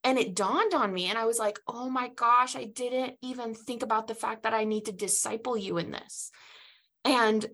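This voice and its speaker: Animated woman telling a personal story. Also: a little high, normal speed. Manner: animated, acts out quoted dialogue. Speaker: podcast host. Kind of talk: personal storytelling in casual chat.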